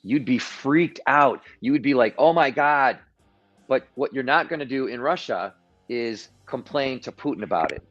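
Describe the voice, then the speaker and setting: Male livestream guest, mid pitch, animated storyteller with frequent restarts, dull lo-fi audio with faint music. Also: normal speed. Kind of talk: political commentary on a livestream. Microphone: video call.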